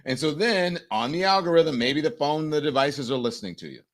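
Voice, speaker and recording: Animated male news show host. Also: fairly high pitch, a little fast. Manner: animated, mimics people in quoted voices. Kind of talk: live news commentary.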